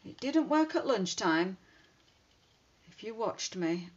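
A woman's voice: mid-range voice, big pitch swings, slow. A woman chatting casually while demonstrating card making, thinking aloud as she works. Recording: dull lo-fi sound with faint hiss.

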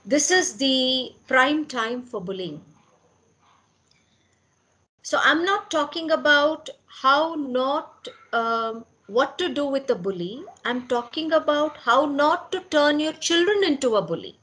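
A woman's voice: high-pitched, lively intonation, slow pace, bright, forceful tone. A woman giving a talk on parenting to parents at a school meeting, earnest and asking questions to answer them herself.

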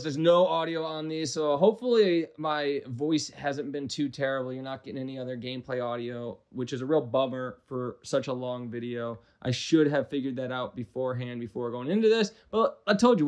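A man's voice: a little high, moderate pace, hardly any pauses. A young man from the Midwest giving casual, rambling commentary over his own game footage, self-deprecating with profane asides. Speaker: gaming commentator.

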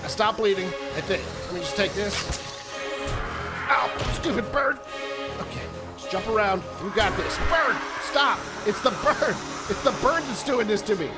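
Over loud music, a man hosts a let's play video of his survival game run, joking and talking to the enemies with animated outbursts. His high voice is fairly quick, with hardly any pauses.

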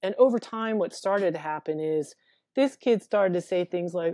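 A woman therapist in a casual interview, talking haltingly and repeating words as she thinks aloud. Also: on the low side, mellow, no echo, studio quality. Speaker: therapist guest.

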